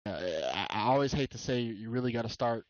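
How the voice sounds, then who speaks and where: A man's voice: mid-range voice, fast talker, no room sound, highs cut off. A man doing easygoing color commentary on a football game, with frequent fillers and hedges. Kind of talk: casual game analysis.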